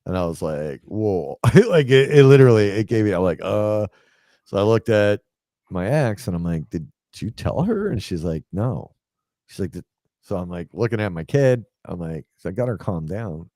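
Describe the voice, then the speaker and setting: Deep, dark-voiced man telling a story. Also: animated, normal speed, dry recording, studio quality. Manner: rambling, filler-heavy, drops into quoted dialogue. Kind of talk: casual storytelling.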